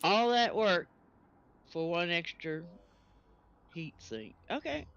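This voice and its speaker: Lively man on a dull voice chat. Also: high voice, slow, smooth. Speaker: friend on voice chat. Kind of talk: casual gaming chat.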